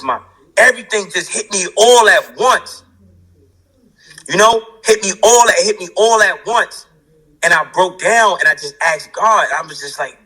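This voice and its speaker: A New York man telling a raw personal story in a high, animated voice. His tone is bright and forceful, full of slang and profanity. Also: rough recording. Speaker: interview guest. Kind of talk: emotional storytelling.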